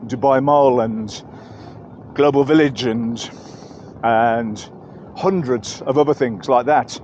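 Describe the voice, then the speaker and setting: A man's voice: mid-range voice, slow pace, a little mellow, muffled recording, slight background noise. An English man giving a chatty, rambling walking-tour commentary outdoors in busy market streets, correcting himself as he goes. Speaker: travel vlogger.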